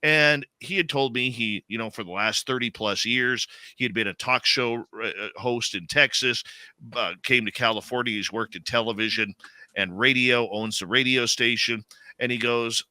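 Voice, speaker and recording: A Canadian-accented man hosts a live radio talk show, rambling conversationally with lots of fillers and restarts. His voice is mid-range and sharp in tone, at a normal speed, with no echo.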